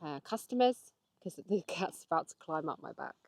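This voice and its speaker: An English woman in her young adult years talks through a home vlog in a low, unhurried voice. She circles her points with ums, explaining patiently. The sound is close and dry. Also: big pitch swings, vocal fry, darkish tone, no room sound. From England. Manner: chatty, hesitant with many ums, explaining patiently. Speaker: vlogger. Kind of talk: casual chat.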